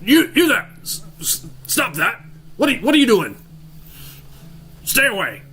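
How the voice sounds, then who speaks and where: A man voicing an agitated villager who stammers and shouts warnings in a tabletop game. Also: very high-pitched, huge pitch swings, measured pace, breathy edge, pitched above the performer's own voice, exaggerated voice, rough recording. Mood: alarmed.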